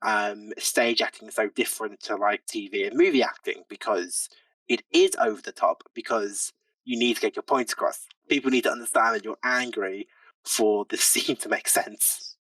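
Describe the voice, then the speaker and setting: A man's voice: lowish voice, fairly even intonation, normal speed, fairly bright tone, no echo, recorded from a distance, rough recording. A man who plays tabletop games, chatting on a podcast in a self-deprecating way, with lots of likes and ums. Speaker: tabletop game player and podcast guest. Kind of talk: casual podcast chat.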